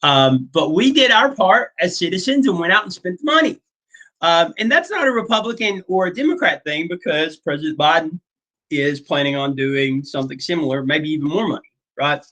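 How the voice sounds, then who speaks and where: A man's voice: a little high, expressive, normal speed, pushed and bright, rough recording. Chatty man teaching a class. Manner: chatty, filler-heavy, checks in with "okay?". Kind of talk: casual classroom lecture.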